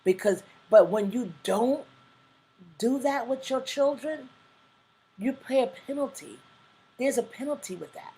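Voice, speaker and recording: A woman's voice: high-pitched, animated, measured pace, pauses often, warm tone, husky, poor audio. A woman hosting a live talk stream, chatting casually and reading viewer comments aloud with emphatic, preacher-like asides. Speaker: livestream talk show host.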